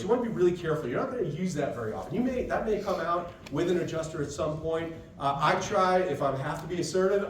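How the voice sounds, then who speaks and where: A man leads a trade-show seminar in a relaxed, talky way, tossing in "right?" as he goes. His voice sits a little high and sounds distant from the microphone. Faint room ambience hangs behind him. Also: slight background noise. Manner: casual, conversational, keeps asking "right?". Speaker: seminar presenter to dent repair technicians. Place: expo session room. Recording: echoey room, voice picked up from a distance.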